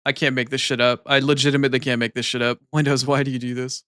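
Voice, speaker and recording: A man's voice: medium pitch, little pitch movement, quick pace, pushed and bright, clear, resonant tone, dry recording, studio quality. A man streaming live, bantering with his chat casually, teasing and swearing freely.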